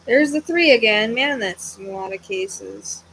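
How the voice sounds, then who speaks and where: A woman's voice: medium pitch, animated, unhurried, fairly bright tone, slight background noise, low-quality recording. A woman hosting a live psychic reading, thinking aloud in a hesitant, searching way and sounding tired. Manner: hesitant, searching, trailing off into self-corrections. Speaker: psychic medium host.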